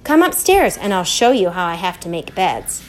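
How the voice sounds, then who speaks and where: A kindly, playful older lady from a children's storybook, voiced by a woman reader. She talks quietly and confidingly, a touch lower than the narration. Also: very animated, moderate pace, very noisy.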